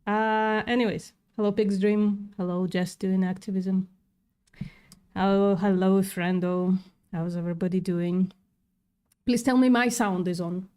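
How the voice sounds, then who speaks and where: A woman's voice: mid-range voice, steady tone, unhurried, dark tone, clean tone. A woman livestreaming in casual chat, sarcastic and swearing freely, with a non-native English accent.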